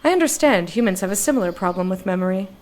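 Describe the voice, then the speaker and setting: A woman's voice: mid-range voice, expressive, racing, darkish tone, natural voice. A woman reading game dialogue aloud as a formal, literal-minded robot servant. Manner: stiff, literal, polite, says "mistress".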